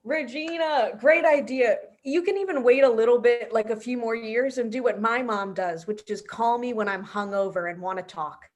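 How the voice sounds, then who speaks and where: Host, woman, bright higher voice, chatty and upbeat. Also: moderate pace, hardly any pauses. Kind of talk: casual show wrap-up.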